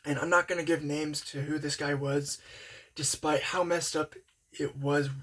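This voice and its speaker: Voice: mid-range voice, level tone, normal speed, a bit bright. A young adult telling a personal story in a rambling, casual way, full of "um" and "like". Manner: rambling, filler-heavy, talks with hands-off candor.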